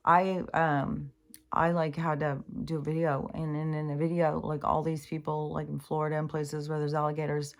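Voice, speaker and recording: Middle-aged woman, low voice, loose rambling vlog talk full of ums and curse words. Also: flat delivery, normal speed. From Pacific Northwest US. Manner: rambling, profane, many fillers and restarts. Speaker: spiritual vlogger. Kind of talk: casual rambling monologue.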